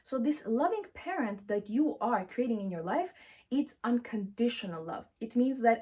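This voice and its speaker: A woman's voice: on the high side, expressive, normal speed, warm tone, husky. A woman giving a motivational self-help talk, emphatic and affirming, who repeats encouraging phrases and speaks English with slightly non-native grammar.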